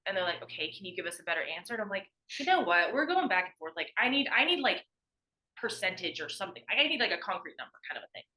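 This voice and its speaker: Young woman, podcast guest, casual storytelling, quotes people, crisp bright tone. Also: medium pitch, very animated, quick pace, rough recording. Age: young adult. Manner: chatty, lots of "like", acts out quoted voices. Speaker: podcast guest, former college athlete.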